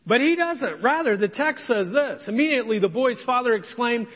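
A man's voice: very high voice, animated, brisk, hardly any pauses. A man preaching a sermon as pastor, dramatic, acting out the voices of the people in his story. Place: church sanctuary. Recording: dull, long church reverb.

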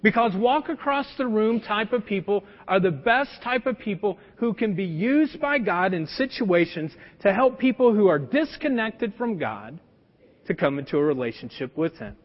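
A man's voice: high-pitched, lively intonation, moderate pace. A middle-aged male pastor preaching a sermon, telling a personal story in a conversational way with plenty of fillers. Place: church sanctuary. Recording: dull lo-fi sound with long church reverb.

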